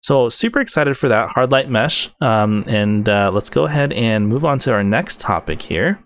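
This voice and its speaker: A man's voice: medium pitch, animated, moderate pace, no room sound. A man hosting a gaming video, breaking down game updates in an enthusiastic, rambling way with many fillers and restarts.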